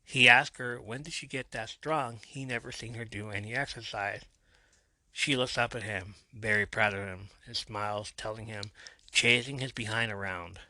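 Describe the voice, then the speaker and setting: A man's voice: on the low side, fairly even intonation, moderate pace, pushed and bright, no echo. A man hosting a podcast, narrating a recap of a TV episode in a storytelling way and lightly playing the quotes. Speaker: podcast host.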